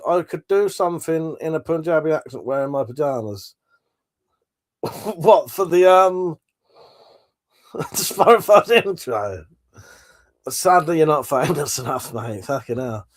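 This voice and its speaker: A chatty man with a fairly high voice hosts a casual livestream. He rambles as he reads out viewer comments and swears casually. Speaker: livestream host. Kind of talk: casual chat reading out live comments.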